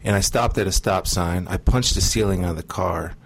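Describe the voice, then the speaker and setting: A middle-aged man earnestly recounting a personal testimony in an interview, measured and pausing often. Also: deep voice, slight background noise. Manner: earnest, measured storytelling with frequent pauses. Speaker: guest sharing testimony.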